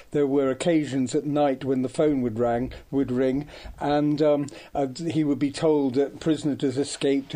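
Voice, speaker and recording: With a mellow, medium-pitched voice, this older Devon man looks back on his life as a conversation guest. He hesitates often, stumbling through ums and starting sentences over.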